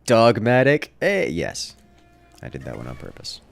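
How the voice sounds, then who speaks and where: A man with a very deep, gravelly voice and a Southern accent, rambling through casual livestream chat with wry, self-deprecating asides. His pitch swings in a lively way, and faint music plays behind him. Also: moderate pace. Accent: generic Southern US. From Southern United States. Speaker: livestream gamer.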